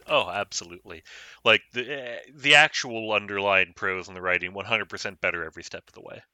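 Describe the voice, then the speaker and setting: A man's voice: lowish voice, fairly quick, bright, forceful tone, no echo. A man co-hosting a casual book discussion podcast, laid-back with dry jokes. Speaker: podcast co-host.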